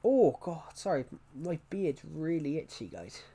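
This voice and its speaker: A man's voice: on the high side, big pitch swings, measured pace, vocal fry, mellow, slight background noise. Rambling, opinionated young male streamer. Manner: rambling, opinionated, answering chat comments. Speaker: gaming livestreamer. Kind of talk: casual live-stream chat to viewers.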